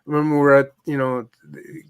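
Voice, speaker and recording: A man from Canada chatting casually on a video call, talking haltingly with restarts and soft laughs. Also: a little high, level tone, clear, resonant tone. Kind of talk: casual chat.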